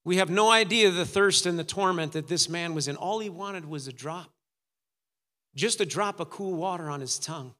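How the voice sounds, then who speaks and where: A man's voice: high voice, moderate pace, sharp tone, in a large hall. A man preaching a sermon, dramatic, acting out the voices of the story's figures. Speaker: pastor.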